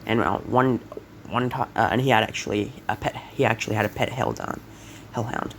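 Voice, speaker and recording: A young man casually retelling an invented fan story, rambling with many fillers and self-corrections, coughing and clearing his throat now and then. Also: on the low side, fairly even intonation, brisk, fairly bright tone, slight background noise.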